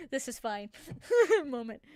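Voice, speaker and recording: Young woman solo-show host: high, swooping voice, loose, animated chatter, dry close mic. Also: dry recording. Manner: animated, rambling, laughs often. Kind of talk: casual chat. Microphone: desk microphone.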